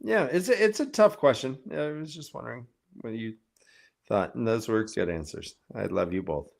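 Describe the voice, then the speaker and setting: A man's voice: mid-range voice, lively intonation, moderate pace, vocal fry. A man hosting a casual book-discussion podcast, retelling scenes and acting out characters in silly voices. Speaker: podcast host.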